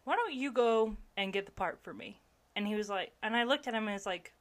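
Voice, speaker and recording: A woman from the American South with a Southern accent, telling army stories in a casual chat, animated and laughing often. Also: medium pitch, a little fast. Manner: animated, laughing storyteller with frequent fillers. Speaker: army veteran guest.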